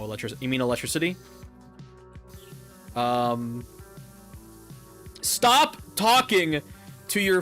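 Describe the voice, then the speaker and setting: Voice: mid-range voice, fairly bright tone. A gaming YouTuber ranting over gameplay in a heated, profane way, often repeating words.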